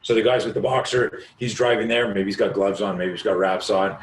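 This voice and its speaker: Hoarse man telling a vivid story. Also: lowish voice, steady tone, a little fast, reverberant, a little hiss or hum. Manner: vivid, profane, acts out quoted voices. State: raw, hoarse voice. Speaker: self-defense instructor, podcast guest. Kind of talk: animated storytelling in conversation.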